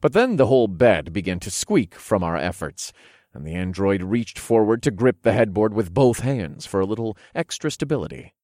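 A man narrating an erotic story in the first person, in a low, hushed, unhurried way, recorded close and dry. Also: sing-song, no room sound.

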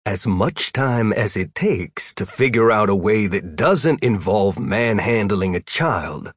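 A man's voice: on the low side, animated, slow pace, husky, no echo, clean studio sound, heavily acted. A man doing a weary sardonic wizard. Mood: wry. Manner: grumbling, sardonic. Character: weary, put-upon adult male wizard.

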